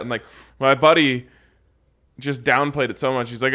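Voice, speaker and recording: A man's voice: medium pitch, steady tone, normal speed, pushed and bright. Laid-back, slangy podcast co-host man. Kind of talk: casual banter.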